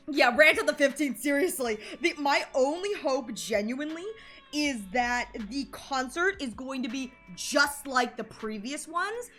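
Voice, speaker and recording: A woman livestreaming a game with a bright, forceful voice, gasping and going off on passionate rants. Game music plays faintly behind her. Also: sits high. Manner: excitable, gasping and ranting. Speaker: streamer. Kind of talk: live gameplay commentary.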